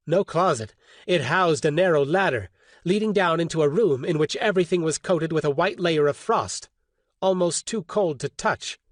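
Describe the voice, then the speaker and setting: A man narrating an audiobook in a steady, measured reading. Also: fairly high pitch, dry recording, studio quality. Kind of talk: scripted narration.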